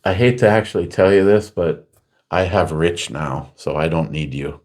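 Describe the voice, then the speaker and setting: A middle-aged man with a fairly low voice holds forth on a casual talk show. He rambles through long anecdotes and throws himself into quoting others, his voice jumping up as he plays out each exchange. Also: fairly even intonation, normal speed. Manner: rambling storyteller acting out quotes loudly. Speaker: podcast host. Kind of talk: casual chat.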